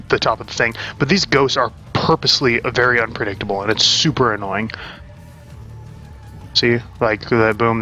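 A man's voice: medium pitch, bright, forceful tone, highs cut off. A young adult man casually chatting and swearing while he plays a game at his desk at home. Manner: rambling and profane, chatting while playing. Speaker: gaming channel host. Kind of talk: casual let's-play commentary.

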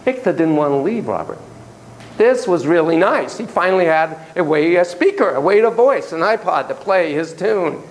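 A man's voice: on the high side, normal speed, a little hiss or hum, low-quality recording. A man lecturing a university class on psychotherapy. He tells casual, self-deprecating stories with frequent asides and acts out the voices he quotes. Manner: animated storyteller who acts out quoted voices.

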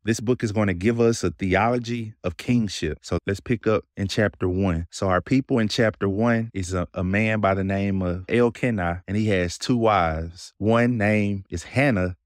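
A man's voice: fairly low pitch, moderate pace, hardly any pauses, dry recording, clean studio sound. A man with a Southern accent hosting a Bible podcast, explaining scripture in a conversational way and asking his listeners questions. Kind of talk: casual Bible teaching.

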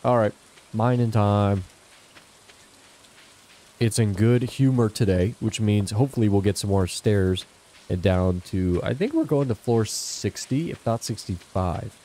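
A man's voice: fairly low pitch, unhurried, warm tone. A young man talking casually to his viewers while playing a farming game at home. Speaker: gaming channel host. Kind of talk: casual gameplay commentary. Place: home, indoors.

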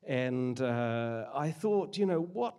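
A man's voice: mid-range voice, animated, takes it slowly, mellow. An older man preaching a sermon, earnest and conversational with frequent hesitations. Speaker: guest preacher.

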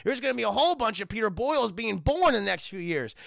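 A man's voice: high voice, sing-song, quick pace, vocal fry, fairly bright tone, no room sound, studio quality, full character voice. A man doing a crude old cop. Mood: leering. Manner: crude and pushy, swearing. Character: crude, sloppy old male cop, boastful.

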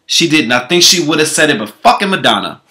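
A man's voice: a little high, animated, fast, bright, forceful tone, slight background noise. Sassy, profane man vlogger. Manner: sassy, profane, calls listeners girl constantly. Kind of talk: comedic commentary.

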